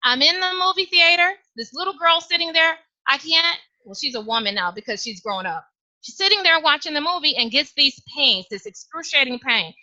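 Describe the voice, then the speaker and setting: A woman giving a storytelling speech at a club meeting, animated and acting out each character. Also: sits high, normal speed. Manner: animated, acts out voices. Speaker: club speaker. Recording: dull lo-fi live meeting recording.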